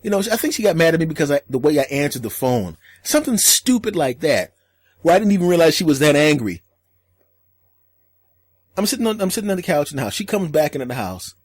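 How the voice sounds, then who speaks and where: A man talks alone into the mic, spinning comic stories and slipping into other people's voices. His pitch jumps around a lot while he tells them. The sound is dry and close, with no room around it. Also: quick pace, breathy edge, no room sound. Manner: storytelling, acts out voices in quotes, deadpan jokes. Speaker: podcast host. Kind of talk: solo comedic podcast monologue.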